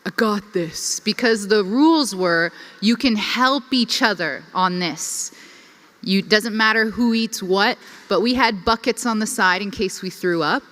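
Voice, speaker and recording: A woman's voice: mid-range voice, unhurried. A young woman telling a personal story to a conference audience, chatty and full of "like". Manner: lively, chatty, filler-heavy with frequent "like". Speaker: conference speaker. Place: conference hall. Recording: reverberant hall.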